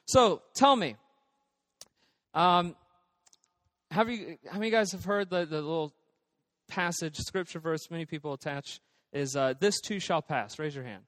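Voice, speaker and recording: A man's voice: fairly high pitch, normal speed, pauses often, a bit bright, no echo, long reverb tail. A man preaching a casual, conversational sermon as pastor, with frequent fillers and restarts.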